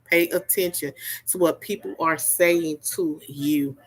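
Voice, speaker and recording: A woman's voice: low-pitched, fairly even intonation, a little slow. A woman giving a spiritual reading in a casual, folksy, preachy way, repeating herself and checking in with "okay?" often. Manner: repetitive, preachy, folksy, keeps asking "okay?". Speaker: spiritual reader.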